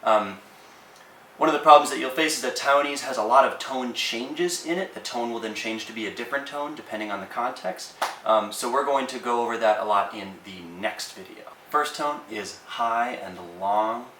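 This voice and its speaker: Guy walking through a language lesson, bright voice, echoey room, mic kinda far off. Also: mid-range voice, normal speed, a little hiss or hum. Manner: relaxed, with frequent ums and uhs. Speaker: language teacher. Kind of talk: casual explanatory lesson.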